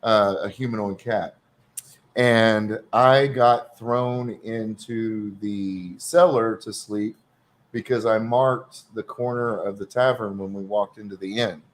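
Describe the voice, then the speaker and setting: Texan man, host, casual rambling chat, lower pitch. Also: fairly even intonation, takes it slowly. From Texas. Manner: rambling, hesitant with fillers. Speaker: stream host.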